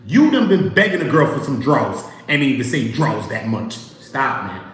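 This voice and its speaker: A livestream host tells animated stories, acts out quotes and talks to his chat in a casual stream. His mid-range voice comes at a normal speed through a rough, very echoey recording.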